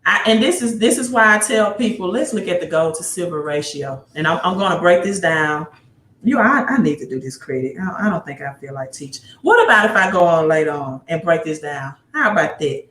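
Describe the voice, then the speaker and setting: A woman with a Mississippi accent hosting a casual livestream, talking excitedly, repeating herself and answering viewer comments. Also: on the low side, brisk. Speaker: livestream host. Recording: roomy echo.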